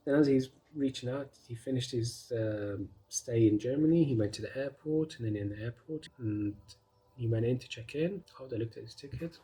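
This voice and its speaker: A man casually retelling a story, animated, with filler words and quoted dialogue. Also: mid-range voice, moderate pace, poor audio.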